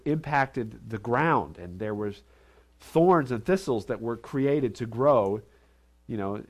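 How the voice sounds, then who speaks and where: A male pastor preaching a sermon, reading scripture aloud and then explaining it, with emphatic rises and soft asides. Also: mid-range voice. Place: church.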